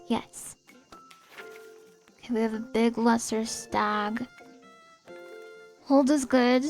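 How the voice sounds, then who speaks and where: A high-pitched woman streamer who chats casually while she plays, getting excited easily and saying sorry a lot. She talks at an unhurried pace, and faint game music plays behind her. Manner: excitable, reads chat aloud and apologizes often. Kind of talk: casual live-stream chat.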